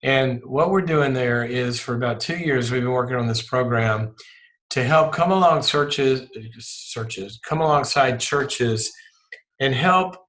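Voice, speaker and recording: A man from Mississippi with a Southern US accent, a guest on an interview podcast, talking in an animated way that often restarts and repeats words. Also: mid-range voice, measured pace. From Mississippi, USA. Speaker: guest psychologist and leadership author. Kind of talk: podcast interview and spoken prayer.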